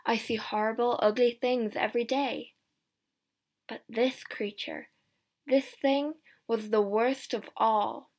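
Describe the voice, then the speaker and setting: A woman reads a simplified novel aloud with slow, careful, clear pacing. Her voice sits fairly high. It is scripted audiobook narration. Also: fairly even intonation, a little mellow. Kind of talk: scripted narration of a graded reader.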